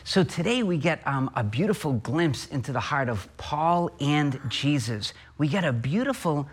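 A man's voice: on the high side, sing-song, normal speed, breathy edge. A Catholic priest, a man, reading the gospel and then preaching a homily at Mass, earnest and full of rhetorical questions.

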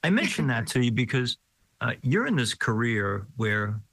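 A man's voice: mid-range voice, very animated, normal speed, creaky, no echo, low-quality recording. A middle-aged man hosting an interview, an easygoing interviewer who asks friendly questions. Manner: warm, easygoing interviewer who laughs readily. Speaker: host.

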